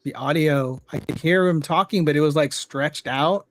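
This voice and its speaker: A man's voice: a little high, normal speed, no room sound, rough recording. A man hosting a casual livestream chat over a video call, easygoing and thanking viewers by name.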